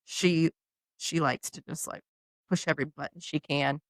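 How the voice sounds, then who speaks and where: A woman's voice: deep voice, normal speed, dry recording. A woman, co-hosting a podcast in casual chat and acting out the voices in her stories. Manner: animated storyteller, acts out quoted voices. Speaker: podcast co-host.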